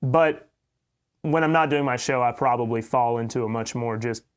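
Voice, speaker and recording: A man's voice: mid-range voice, normal speed, clear, resonant tone. A man with a light Oklahoma accent hosting a podcast, giving blunt, opinionated commentary and enunciating carefully. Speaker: podcast host. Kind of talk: commentary monologue.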